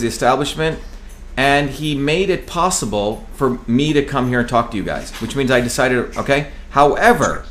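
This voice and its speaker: A man's voice: mid-range voice, fairly bright tone, a little hiss or hum. A man from New Jersey speaking in a heated, emphatic political talk, swearing freely and hammering on repeated phrases.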